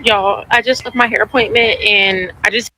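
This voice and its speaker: A woman in a mid-range voice vents in an exasperated, foul-mouthed rant, filmed outdoors with her phone. Clear traffic and street noise run behind her the whole time. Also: mid-range voice, steady tone, moderate pace, bright, forceful tone, low-quality recording. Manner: exasperated, swears freely. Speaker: vlogger. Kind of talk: casual ranting vlog. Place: outside, near cars.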